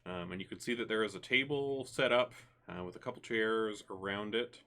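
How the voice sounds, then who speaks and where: A man narrating a tabletop game as game master, relaxed and full of fillers. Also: fairly low pitch, brisk. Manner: relaxed, many fillers and restarts.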